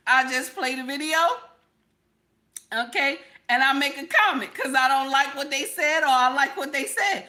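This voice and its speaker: High, bright woman streamer who keeps repeating herself to her chat; casual live commentary. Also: moderate pace. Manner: repeats herself, talks straight to chat viewers. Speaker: vlogger reacting to videos and chat.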